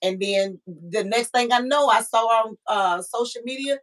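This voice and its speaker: A woman's voice: a little high, normal speed, a bit bright, low-quality recording. A woman hosting a live online talk show, speaking emotionally and affectionately. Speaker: host.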